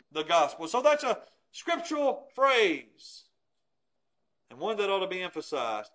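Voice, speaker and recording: Man, preacher, sermon, very high voice for a man, emphatic, rhetorical questions. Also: a bit bright.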